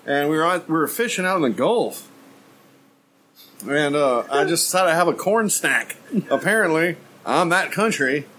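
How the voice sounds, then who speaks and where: A man co-hosts a podcast in relaxed chat, laughing his way through graphic stories. A faint background noise sits behind his voice. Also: on the high side, moderate pace, poor audio. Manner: laughing storyteller, graphic and joking. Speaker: podcast co-host. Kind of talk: casual chat.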